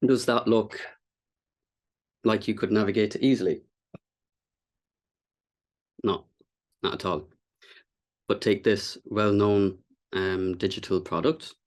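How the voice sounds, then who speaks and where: A man with a low, deep voice walks a meetup audience through design ideas. He talks casually, stopping often for fillers and small restarts as he explains. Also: fairly even intonation, takes it slowly, long pauses. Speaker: content designer giving a talk.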